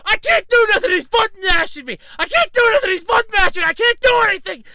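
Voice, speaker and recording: A woman putting on the voice of a furious young male gamer who shouts and gloats as a sore loser. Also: very high voice, lively intonation, fast, heavy background noise, pitched above the performer's own voice. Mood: frantic.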